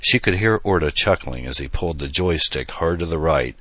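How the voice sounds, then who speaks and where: A man reading a science fiction novel aloud in an even, measured storytelling voice. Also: rumbling low, no echo. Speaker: audiobook narrator. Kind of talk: scripted narration.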